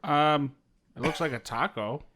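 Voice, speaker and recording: A man's voice: a little high, measured pace, fairly bright tone. A man co-hosting a gaming podcast in casual chat, playfully riffing on jokes. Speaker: podcast co-host.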